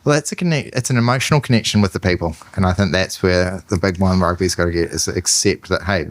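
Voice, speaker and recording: A man's voice: low-pitched, fast. A man with a New Zealand accent hosting a podcast, sharing earnest and enthusiastic opinions in a rambling, casual way. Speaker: podcast host. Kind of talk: casual chat.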